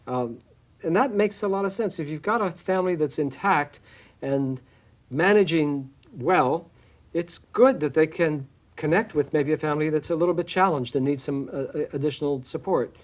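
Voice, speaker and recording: A man's voice: on the high side, moderate pace. A man from a church speaking in an interview, thoughtful and hesitant, with many fillers and restarts. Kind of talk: reflective interview talk.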